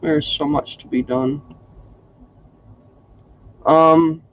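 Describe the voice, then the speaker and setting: A man's voice: fairly high pitch, steady tone, drawn-out words, highs cut off, a little hiss or hum. A man hosting a casual crafting livestream, chatty and folksy, greeting viewers by name.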